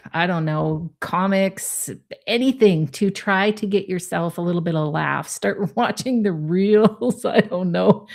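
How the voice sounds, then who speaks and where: A woman's voice: mid-range voice, darkish tone. A woman co-hosting a spiritual live stream, giving casual, encouraging advice in a rambling way, full of likes and ums. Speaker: co-host of a spiritual live show.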